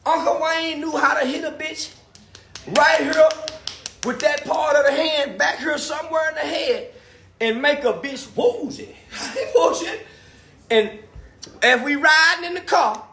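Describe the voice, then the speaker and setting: A man on a phone livestream delivering a loud, crude, animated comedic rant, laughing often. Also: very high voice. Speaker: livestream commentator.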